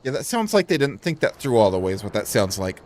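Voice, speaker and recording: A man's voice: fairly low pitch, very animated, quick pace, a little mellow. A man hosting a gaming channel, giving casual let's play commentary with wry, joking asides.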